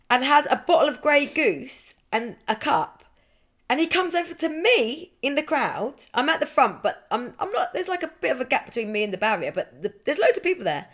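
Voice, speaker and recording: A woman in her thirties, co-hosting a podcast and telling a story in lively casual chat, swearing often. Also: high voice. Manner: animated storytelling, frequent swearing. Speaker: podcast co-host.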